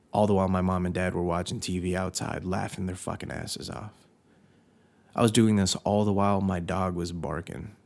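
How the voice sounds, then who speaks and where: A man's voice: low-pitched, vocal fry. A young man hosting a podcast, telling a personal story in a candid, confessional way, swearing often and breaking off his own sentences. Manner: candid, profane, confessional, with self-interruptions. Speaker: podcast host.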